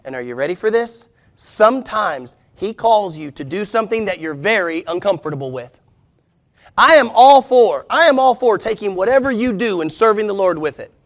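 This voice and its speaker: A pastor preaching a sermon to his church, emphatic and full of rhetorical questions. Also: high voice.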